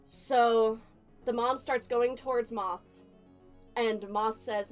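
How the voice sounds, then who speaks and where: A woman narrating a spooky tabletop game as game master, telling it slowly and deliberately with suspenseful pauses. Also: a little high, steady tone. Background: faint background music.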